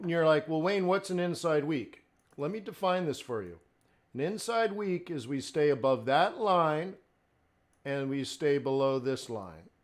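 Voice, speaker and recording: A man hosting a live trading stream, talking viewers through his charts and explaining patterns as he goes. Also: a little high. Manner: hums and raps to himself while charting. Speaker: forex trading stream host.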